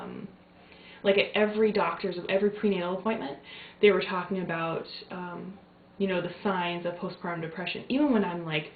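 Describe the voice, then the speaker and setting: A woman's voice: lowish voice, slight background noise. A young woman, a new mother, chatting casually to camera in a rambling way with many fillers. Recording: tinny lo-fi phone-like sound in echoey room.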